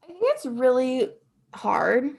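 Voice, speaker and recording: A woman's voice: sits high, huge pitch swings, slow pace, gravelly, a little mellow, slightly rough. A young woman in her twenties, casually chatting and laughing often, talking in a self-deprecating way with many fillers. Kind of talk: casual chat.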